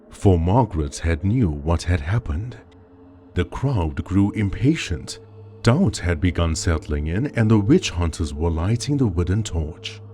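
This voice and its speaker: A man narrates a grim witch story in a deep, dark, mellow voice. He takes his time, with lingering pauses and a lively, swooping delivery. Faint music plays underneath. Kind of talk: scripted horror story narration. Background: faint background music.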